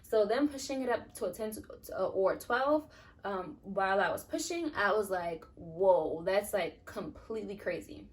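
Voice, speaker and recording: Here a young woman vlogger with an expressive, medium-pitched voice chats at a normal speed about something that happened to her. Her telling wanders and is thick with "um" and "like," and she sounds slightly removed from the microphone.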